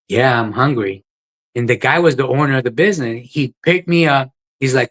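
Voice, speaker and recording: A man talks as a podcast guest. He tells his story in an earnest, plain-spoken way. His voice sits at a middle pitch. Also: measured pace, fairly bright tone, low-quality recording. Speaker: guest, ultra runner. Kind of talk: podcast interview, personal story.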